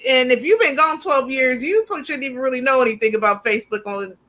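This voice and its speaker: A woman co-hosting a casual chat show, lively and chatty, often laughing and teasing. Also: sits high, fast talker, rough recording. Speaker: podcast co-host.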